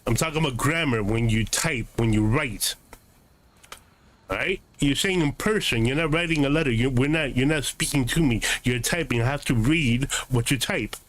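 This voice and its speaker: A man's voice: medium pitch, normal speed, fairly bright tone. A man streaming a game, answering his live chat in a combative, sarcastic, lecturing way.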